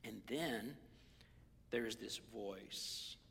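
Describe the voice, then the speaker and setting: A man preaching a sermon in a conversational, animated way, sometimes dropping to a whisper. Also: lowish voice, very slow, vocal fry, in a large hall, slight background noise. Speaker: pastor.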